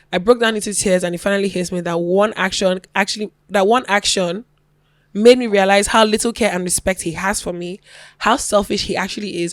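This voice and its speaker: A woman co-hosting a podcast, reading a listener's story aloud in an animated way and laughing now and then. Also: medium pitch, no room sound, studio quality. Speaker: podcast co-host.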